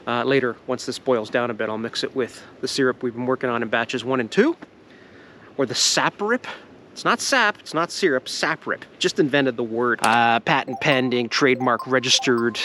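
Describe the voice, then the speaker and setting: A man's voice: mid-range voice, bright, forceful tone, slight background noise. A Canadian man chatting casually in an outdoor vlog, rambling and joking, laughing often and swearing casually. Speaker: vlogger. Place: outdoors in the woods at a sap boil.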